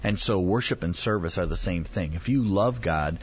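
Low husky man teaching the Bible. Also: normal speed. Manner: animated, acts out quoted voices. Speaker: Bible teacher on a radio program. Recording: dull lo-fi sound.

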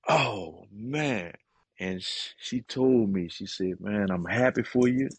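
A middle-aged man with a low, husky voice tells his story earnestly and with feeling. He speaks through hesitations and the odd "man," which makes it sound heartfelt. The recording is dry and close, with no room sound. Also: slow, dry recording. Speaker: guest and author. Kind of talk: personal testimony in conversation.

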